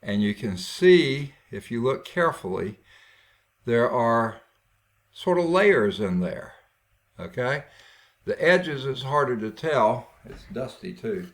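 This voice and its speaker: A man gives a geology lecture at an unhurried pace, with a gravelly edge in his voice. He talks in a folksy way, thinks aloud as he goes and keeps checking in with his students. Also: mid-range voice, expressive. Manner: folksy, checks in with frequent "okay?"; thinks aloud, admits uncertainty. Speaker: geology instructor. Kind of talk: classroom lecture with rock samples.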